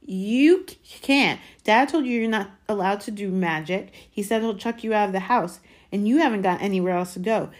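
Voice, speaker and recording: Spoiled storybook bully boy, whiny and taunting, high and loud, voiced by a woman reader. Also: little pitch movement, normal speed, hardly any pauses, natural voice. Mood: panicky. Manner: jeering, whiny and panicky.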